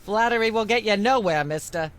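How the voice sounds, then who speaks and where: A woman's voice: mid-range voice, brisk, close to an everyday voice. Prim bossy tv hostess lady, scolds and drones on, woman voicing her, game voice. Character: bossy middle-aged female talk show host. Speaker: game character. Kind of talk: video game voice acting.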